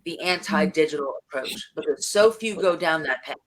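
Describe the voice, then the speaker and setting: A woman, a founder and CEO, giving business advice in a casual panel chat, with an animated, comic delivery full of acted-out quotes. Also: low-pitched, moderate pace.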